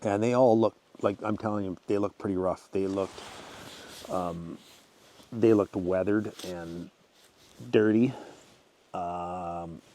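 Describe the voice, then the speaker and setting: Guy with a lowish dark voice rambling through a story, keeps clearing his throat. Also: fairly even intonation, takes it slowly, pauses often, a little hiss or hum. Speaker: channel host reading a viewer's story. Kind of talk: casual spoken storytelling.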